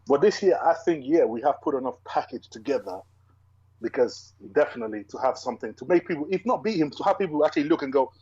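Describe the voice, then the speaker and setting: Young male bodybuilder guest, husky voice, rapid emphatic delivery, dull lo-fi recording. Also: mid-range voice, animated, mellow, dry recording. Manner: fast, driven and emphatic, with many restarts. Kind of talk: casual interview chat.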